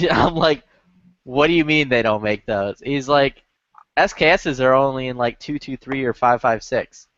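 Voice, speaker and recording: A man's voice: mid-range voice, unhurried, fairly bright tone, dry recording. Casual male chatter, swears freely and fills with "like", dull lo-fi chat audio. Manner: profane, rambling, many filler "like"s. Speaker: lobby chat regular.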